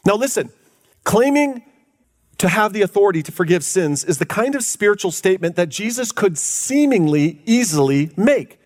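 A man preaching a sermon as pastor, emphatic, stretching key words out for effect. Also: big pitch swings. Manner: emphatic, drawn-out preaching with big pitch swings.

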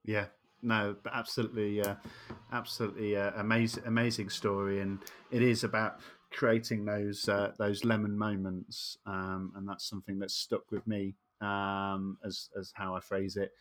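A man hosting a podcast, speaking haltingly with lots of ums and uhs. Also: fairly low pitch, flat delivery, a bit bright. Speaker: podcast host. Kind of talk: casual interview chat.

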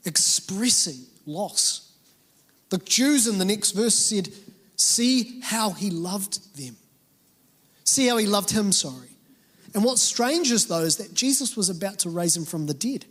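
A man's voice: high-pitched, lively intonation, a little slow, fairly bright tone. A man preaching a sermon in a church, earnest and emphatic with conversational asides. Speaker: pastor. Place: church auditorium. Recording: reverberant hall with faint music.

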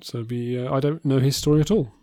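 A man's voice: mid-range voice, fairly even intonation, fast, mellow. A man co-hosting a casual film podcast, talking in a dry, hesitant way with many uh's and restarts. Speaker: podcast co-host. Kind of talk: casual film news chat.

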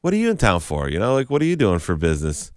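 A man's voice: low voice, huge pitch swings, fast, clean tone, dry recording, clean studio sound. A man co-hosting a morning radio show, chatting casually and telling stories, acting out other people's lines as he goes. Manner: storytelling, chatty, acts out quoted lines.

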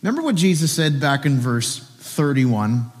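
A man's voice: mid-range voice, lively intonation, moderate pace, in a large hall. A pastor preaching a sermon at a church service, earnestly asking his listeners direct questions.

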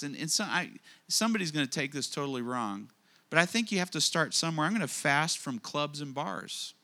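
A man preaching a sermon to a congregation, emphatic, often asking questions and slowing down to stress key lines. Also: fairly high pitch, bright, forceful tone. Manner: emphatic, repeats phrases, asks the congregation questions. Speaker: pastor.

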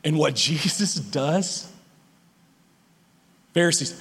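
A man preaching a sermon as pastor, emphatic and animated, often laughing and restarting his sentences. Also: high voice, takes it slowly, in a large hall.

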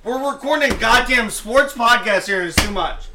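Passionate man ranting at high pitch. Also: moderate pace, a crowd in the background. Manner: passionate, profane, shouting rants. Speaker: podcast co-host. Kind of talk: heated sports podcast debate.

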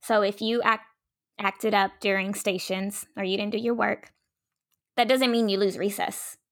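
A woman in casual chat, explaining in a thoughtful, measured way as an educator. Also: medium pitch, fairly even intonation, no echo, studio quality. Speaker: podcast co-host, educator.

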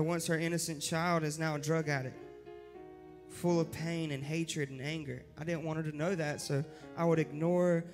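A young man preaching his personal testimony in an earnest manner that builds to impassioned shouting. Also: fairly high pitch. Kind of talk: testimony sermon. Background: faint instrumental music.

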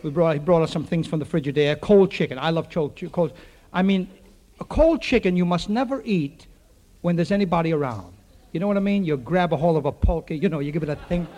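A man telling a comic stage monologue to a live audience, with quick wisecracks and asides to the crowd. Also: on the high side, a little mellow. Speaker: comedian and radio show host. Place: theater studio with live audience. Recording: faint noise on an old radio recording.

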